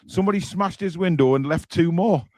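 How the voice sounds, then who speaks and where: A man's voice: fairly high pitch, a little fast, a little mellow, dry recording. A man hosting a casual live fan show, reading out viewer comments and teasing his co-hosts. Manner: teasing, jokey, reads comments aloud.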